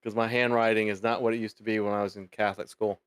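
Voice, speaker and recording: A man co-hosting a casual podcast chat, joking and now and then slipping into goofy squeaky bits. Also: little pitch movement, quick pace, fairly bright tone, clean tone, dry recording. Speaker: podcast co-host.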